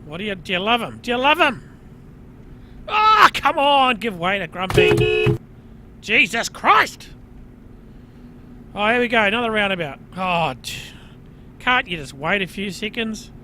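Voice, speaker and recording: A New Zealand man grumbles through his dash cam commentary in a very high, cutting voice that leaps up and down as he rants. He talks about himself in the third person and keeps blurting out exasperated curses. A faint car hum sits underneath. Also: very animated, fairly quick, sharp tone. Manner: frequent outbursts and mild swearing. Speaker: dash cam channel host. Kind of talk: ranting commentary over dash cam footage.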